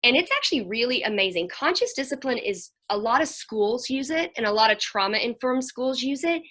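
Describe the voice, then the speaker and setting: A woman counselor talking to a group over a video call, telling lively stories and acting out what children said. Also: fairly high pitch. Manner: animated storyteller, acts out children's voices.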